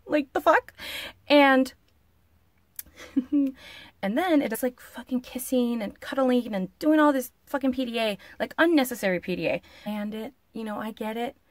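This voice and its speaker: A woman's voice: on the high side, moderate pace, no echo. A woman vlogger recounts a story in a chatty, profane rush, leaning into the drama. She peppers her talk with "like" and "you know". The recording is dry, with no room sound. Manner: frequent filler "like". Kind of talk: casual story-time vlog.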